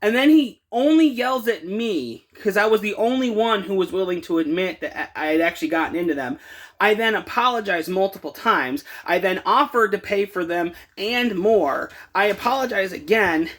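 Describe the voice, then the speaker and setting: A man casually telling a work story for a vlog, animated and acting out the dialogue. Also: high-pitched. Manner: animated, retelling with quoted dialogue.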